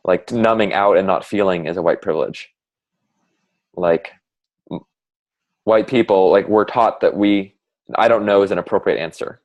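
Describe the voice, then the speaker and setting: Low-voiced guy talking slow and thoughtful, lots of "like"s, searching for words in an honest chat. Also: darkish tone, highs cut off. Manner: reflective and halting, many "like" fillers. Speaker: conversation partner sharing reflections. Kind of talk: casual heartfelt conversation.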